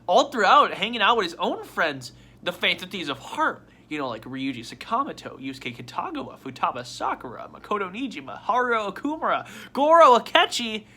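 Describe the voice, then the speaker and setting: A man vlogging casually at his desk, rambling and excitable with frequent swearing and restarts. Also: high voice, fairly quick, husky. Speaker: toy unboxing vlogger.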